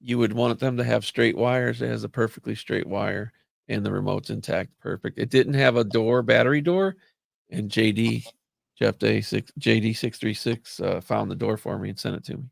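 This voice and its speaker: A man in casual chat, telling rambling, animated stories and cursing freely. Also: on the low side, normal speed, vocal fry, no room sound, studio quality.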